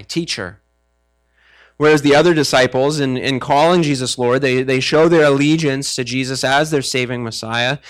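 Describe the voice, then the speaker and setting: Male pastor, easygoing sermon delivery, plays out the disciples' lines. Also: mid-range voice. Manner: conversational, acts out disciples' voices; frequent fillers and restarts. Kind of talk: sermon with scripture reading.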